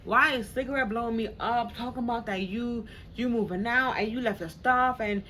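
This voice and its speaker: A woman's voice: fairly high pitch, moderate pace, bright, forceful tone, a little hiss or hum, voice pushed up. A woman quoting her mother, a worried mother asking questions over the phone. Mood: questioning. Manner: questioning, confused.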